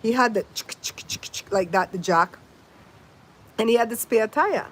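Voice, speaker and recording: Animated grandma host, high voice. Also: female voice, moderate pace. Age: older. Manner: animated, mimics sounds, talks to viewers by name. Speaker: livestream host. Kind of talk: casual livestream chat and storytelling. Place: outdoors in wind. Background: faint wind noise.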